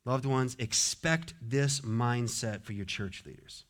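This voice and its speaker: A pastor preaching a sermon with passion, swinging from loud exhortation to soft, low asides. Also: male voice, animated, slow pace. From United States.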